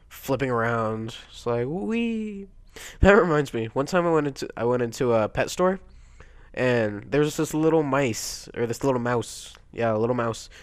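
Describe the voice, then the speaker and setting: A teenage boy with a stuffy nose from a cold, quietly rambling through casual gameplay commentary, breaking into excited yelps now and then. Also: lowish voice, no echo. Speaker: let's play gamer.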